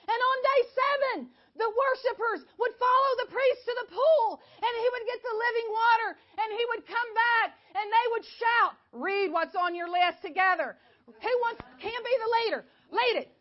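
A woman teaching a Bible class in an animated way, often quizzing her listeners. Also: very high voice, normal speed, dull audio.

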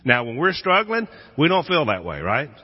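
A man's voice: a little high, huge pitch swings, normal speed, husky. A male pastor giving a sermon, telling Bible stories dramatically and acting out the voices in them. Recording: echoey hall, dull lo-fi sound.

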